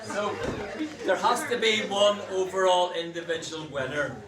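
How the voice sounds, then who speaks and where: A man emceeing a party and announcing costume winners, halting with restarts and shouting people up. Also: high voice. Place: indoor party. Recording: echoey room, distant mic, loud crowd.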